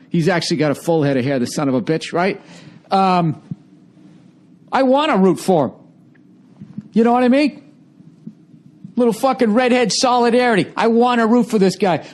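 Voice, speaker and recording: A man in his forties from the United States, a comedian podcast host, delivering a rambling, sarcastic, profanity-heavy comedic rant. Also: sits high. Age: 40s. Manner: sarcastic, rambling, swears constantly.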